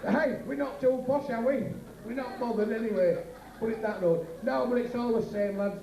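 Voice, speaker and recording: Brash Yorkshire club comic, high voice. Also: male voice, moderate pace, gravelly, noisy background. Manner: brash, bawdy banter with the crowd. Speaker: club comedian. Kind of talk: stand-up club comedy routine. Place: working men's club stage. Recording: echoey club from far off, faint ambience, 1980s.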